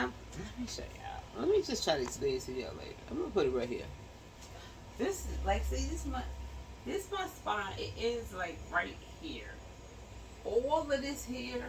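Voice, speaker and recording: A woman's voice: mid-range voice, fairly bright tone, far from the mic, a little hiss or hum, poor audio. Chatty slangy woman vlogging from home. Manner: chatty, slangy, laughs often. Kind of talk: casual chat to the camera. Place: home bedroom.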